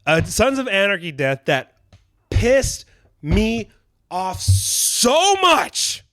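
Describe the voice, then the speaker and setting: A man co-hosting a podcast, talking casually and profanely about TV, acting out quotes loudly. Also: high-pitched, very animated, very slow, no echo, clean studio sound. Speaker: podcast co-host.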